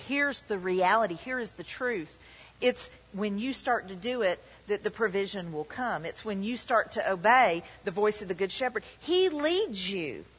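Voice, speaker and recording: Casting: woman pastor, husky voice, emphatic preacher, church hall reverb. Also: mid-range voice. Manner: emphatic preaching, voices the tempter's lines in quotes. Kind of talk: sermon.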